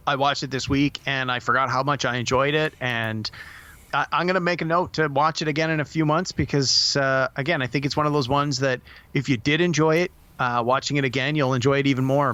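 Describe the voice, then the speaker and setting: A man's voice: medium pitch, a bit bright. A middle-aged man co-hosting a casual movie review podcast, speaking earnestly and thoughtfully. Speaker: podcast co-host.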